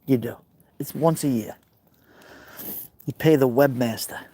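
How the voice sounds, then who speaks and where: Brooklyn dude chatting on his phone stream by a fire pit, rambly, mid-pitched voice, shouting out viewers. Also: a little slow, breathy edge. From New York. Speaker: live streamer. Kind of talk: casual live-stream chat.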